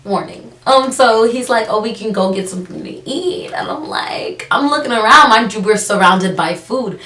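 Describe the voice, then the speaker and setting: A young woman telling a personal story on her vlog, sarcastic and animated, acting out the people she quotes. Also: a little high, moderate pace. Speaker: vlogger. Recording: roomy, from a distance.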